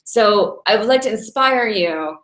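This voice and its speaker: A woman's voice: mid-range voice, expressive, measured pace, a bit bright. A woman in her forties, a Taoist meditation teacher, giving a casual inspirational talk in a chatty way and laughing often as she tells stories. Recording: roomy echo.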